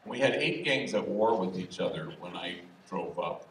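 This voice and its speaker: A man's voice: sits low, lively intonation, a bit bright. A man in his sixties, a priest telling humorous stories in a public talk at a university event hall. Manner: humorous, anecdotal, unhurried. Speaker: priest and speaker. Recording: echoey hall, distant mic, faint hiss.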